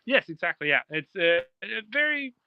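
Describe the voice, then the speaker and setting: A man's voice: sits high, very animated, moderate pace, smooth. A man with a Canadian accent, friendly and chatty, talking as a guest on a video call. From Ontario, Canada. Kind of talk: casual video call chat. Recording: dull lo-fi video call audio.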